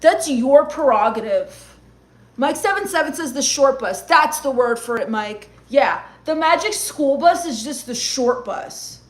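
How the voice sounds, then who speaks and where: A woman's voice: sits high, lively intonation, measured pace. A woman streamer reading chat comments aloud and answering them in a sarcastic, gloomy mock-goth rant. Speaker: livestream comedian reading chat. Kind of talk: comedic livestream chat reading.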